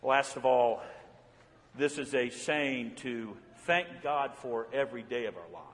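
A man preaching a sermon as a pastor, telling folksy stories and then dropping low and quiet for his earnest points. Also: unhurried. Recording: long hall reverb.

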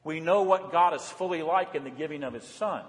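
High-voiced preaching man in a reverberant church. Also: brisk. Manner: emphatic preaching, asks and answers his own questions. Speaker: pastor. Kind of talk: sermon.

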